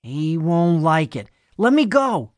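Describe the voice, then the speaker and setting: Voicing a scared, skinny teenage boy in an audiobook, a man pitches his voice above his own, making it a little high and a bit bright. His delivery has lively intonation at a measured pace, panicky and pleading, in studio-quality audio without echo.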